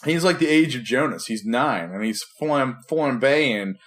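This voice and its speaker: A man's voice: medium pitch, animated, unhurried, fairly bright tone. A man co-hosting a casual podcast over a call, rambling and joking, often trailing off mid-sentence. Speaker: podcast co-host. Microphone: remote video call.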